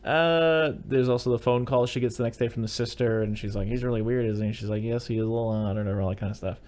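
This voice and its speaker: A man's voice: medium pitch, fast, darkish tone. A man hosting a podcast, casually recapping a film's plot in a rambling way with fillers. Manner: rambling recap with fillers, quotes scenes in put-on voices. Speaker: podcast host. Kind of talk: casual movie-review chat.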